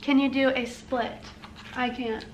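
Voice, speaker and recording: A woman's voice: high-pitched, flat delivery, unhurried, slight background noise, low-quality recording. A young woman vlogging, chatting casually and reading out questions to her husband. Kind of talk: casual chat.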